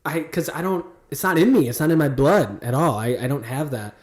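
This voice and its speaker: A man's voice: on the high side, brisk, darkish tone. A man hosting a casual comedy podcast, joking around and trying out silly put-on accents. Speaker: podcast host.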